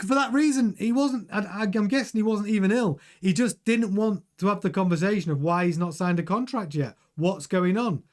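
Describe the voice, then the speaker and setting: A man hosting a live-streamed news show, chatting casually, reading viewer comments and often restarting his words. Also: high-pitched. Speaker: host.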